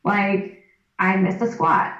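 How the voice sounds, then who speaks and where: An American woman who is a competitive powerlifter and first-grade teacher speaks slowly in a medium, fairly bright voice as a guest in a casual interview. She's candid and blunt, says "like" a lot, and laughs easily, while the distant mic yields a dull, echoey, off-mic sound.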